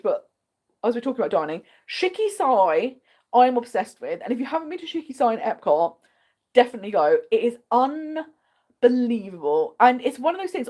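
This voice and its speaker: A woman's voice: fairly high pitch, dark tone. An English woman hosting a casual livestream, chatting in a bubbly way and answering viewer comments. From England. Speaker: host.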